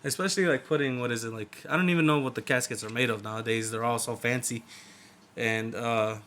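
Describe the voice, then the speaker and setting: A man's voice: mid-range voice, steady tone, a little fast, fairly bright tone. A young man co-hosting a casual podcast, rambling loosely and swearing freely. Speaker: podcast co-host. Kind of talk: casual chat.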